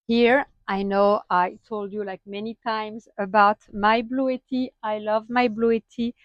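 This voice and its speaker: Slow-talking French-accented woman in her van. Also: mid-range voice, steady tone, no room sound, lo-fi sound. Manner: chatty, halting with frequent fillers and laughs. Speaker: vlogger. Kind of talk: casual van tour vlog. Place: inside a small van.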